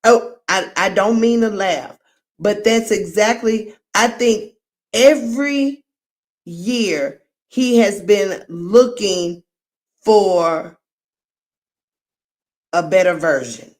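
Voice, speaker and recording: A woman's voice: medium pitch, slow pace, long pauses, a little mellow. A woman hosting a live reaction commentary, frank and exclaiming, with laughing asides. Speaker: host.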